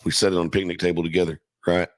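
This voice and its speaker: A man's voice: sits low, level tone, rapid-fire, dry recording. A middle-aged man casually telling a profane, laughing story from his youth as a podcast guest.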